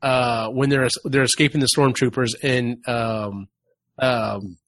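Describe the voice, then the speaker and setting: A man's voice: mid-range voice, fairly even intonation, slow pace, fairly bright tone, no room sound. A man in his middle register hosting a casual podcast, rambling and restarting his sentences. The sound is dry and close, with no room around it. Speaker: podcast host. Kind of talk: casual chat.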